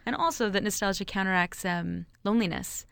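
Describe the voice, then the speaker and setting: A woman's voice: mid-range voice, a little fast, vocal fry, fairly bright tone, clean tone. A woman co-hosting a casual interview, thoughtfully sharing things she has read, with hesitant restarts. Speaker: co-host.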